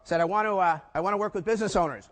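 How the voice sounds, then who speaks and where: An older man giving a conference talk, telling lively stories and tossing rhetorical questions at the audience. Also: high-pitched, rapid-fire. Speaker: keynote speaker. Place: conference hall before a live audience. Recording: long reverb of a large hall.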